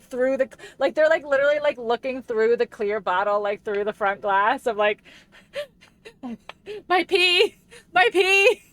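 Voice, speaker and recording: A woman's voice: sits high, a bit bright. A woman in her thirties chatting casually while streaming a game, rambling, laughing often and saying "like" a lot. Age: 30s. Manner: giggly, rambling, heavy use of "like". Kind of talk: casual live-stream chat while gaming.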